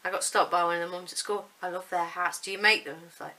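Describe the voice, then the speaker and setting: A woman's voice: fairly low pitch, fairly even intonation, quick pace, hardly any pauses, bright, forceful tone, low-quality recording. A woman, chatting casually and rambling a little as she unboxes yarn. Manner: chatty, rambling, self-deprecating. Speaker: vlogger showing yarn.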